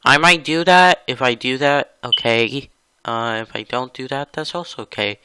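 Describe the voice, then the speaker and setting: A man hosting his own gaming channel, commenting casually over a hockey video game in a rambling, chatty way with sudden excited outbursts. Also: mid-range voice, moderate pace, noisy background.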